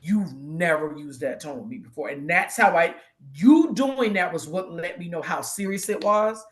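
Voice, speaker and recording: A woman's voice: fairly low pitch, lively intonation, moderate pace. A woman co-hosting a casual chat, telling an emotional story and acting out quoted voices. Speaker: guest co-host.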